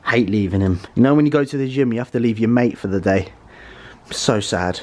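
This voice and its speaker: A man's voice: lowish voice, brisk, darkish tone. Sweary bloke vlogging from his car. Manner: profane, blokey banter. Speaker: fitness vlogger and coach. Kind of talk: casual vlog chat. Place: parked car in a car park.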